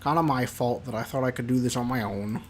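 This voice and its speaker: A man's voice: mid-range voice, fast talker, natural voice. A man voicing a shy, flustered young zombie woman who stammers and puts herself down. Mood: glum. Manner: stammering, self-deprecating.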